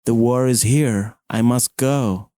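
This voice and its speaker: A man voicing a calm, serious soldier father in a slow, plain read of a simple story. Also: mid-range voice, no echo, studio quality, natural voice.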